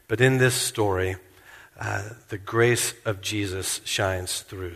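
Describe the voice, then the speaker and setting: A man preaching a sermon in a church, earnest and slowing down to stress key points. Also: medium pitch, fairly bright tone, big-room sound. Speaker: pastor.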